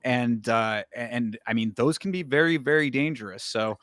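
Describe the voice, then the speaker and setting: A man's voice: medium pitch, normal speed, fairly bright tone, no echo, studio quality. A man co-hosting a show, giving fight analysis in casual chat, hedging often with "you know" and "I mean". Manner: hedging, many fillers and restarts. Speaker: podcast co-host.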